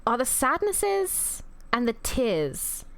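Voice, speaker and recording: A woman's voice: sits high, huge pitch swings, takes it slowly. A woman streamer rambling through emotional live commentary on a game, swearing freely and talking back to chat.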